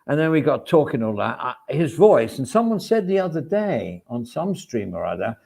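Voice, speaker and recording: A middle-aged man talks loosely to his livestream viewers, his voice rough with a steady gravelly fry. He rambles from one aside to the next, often filling gaps with small words. He pokes fun at himself in an easy, chatty way. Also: mid-range voice, normal speed. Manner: rambling and self-deprecating; chatty, with frequent fillers and asides. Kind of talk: casual livestream chat.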